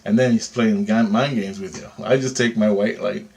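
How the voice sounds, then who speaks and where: Man, lowish voice, rambling agitated monologue, heavy swearing, talks straight to the viewer. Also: fairly even intonation, normal speed, vocal fry, a little mellow. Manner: profane, agitated, conversational with repeated "right?". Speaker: vlogger recounting a dream.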